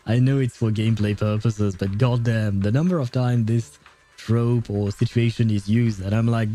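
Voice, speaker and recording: A man's voice: mid-range voice, fairly even intonation, a little slow, warm tone. A man giving casual, rambling gameplay commentary, often correcting himself and laughing. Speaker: streamer.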